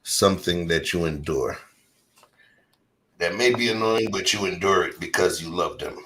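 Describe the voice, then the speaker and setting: A man with a very low voice hosts a relaxed chat. He tells stories in a loose, lively way. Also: moderate pace, a little hiss or hum. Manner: loose, animated storyteller. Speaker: host. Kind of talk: casual chat.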